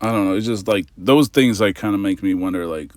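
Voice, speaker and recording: A man's voice: on the low side, a little fast, dry recording. A man hosting a reaction channel, giving casual commentary that is skeptical and ranting and that keeps repeating its points.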